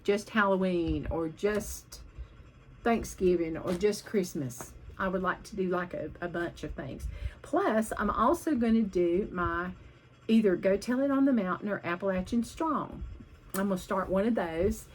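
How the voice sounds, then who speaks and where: A woman's voice: mid-range voice, unhurried, slight background noise, poor audio. A woman vlogging about her cross-stitch projects in a chatty, rambling way, hopping from one topic to the next.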